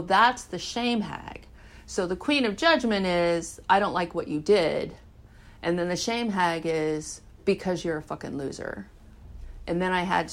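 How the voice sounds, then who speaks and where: A middle-aged woman giving a candid, animated personal recovery talk, swearing freely. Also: on the low side. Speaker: recovery speaker.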